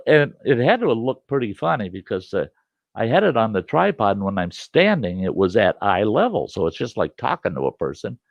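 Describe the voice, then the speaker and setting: An older man spins a camp yarn in a low, gravelly voice, getting animated as he acts out arguments. The recording is dry and a little dull, with no room sound. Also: no room sound. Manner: animated, acts out yelling at his camera. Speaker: storyteller host. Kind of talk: casual campfire storytelling.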